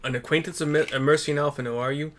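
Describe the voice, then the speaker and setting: A man voicing a kindly, formal male elder in a deep voice with a British accent. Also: fairly even intonation, rapid-fire, a little hiss or hum, lightly acted. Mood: earnest. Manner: old-fashioned formal speech.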